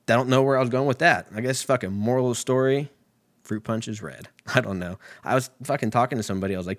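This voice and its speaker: Talking fast in a fairly low voice, a comedian delivers a rambling comedic rant. He swears constantly, laughs often and jumps from tangent to tangent.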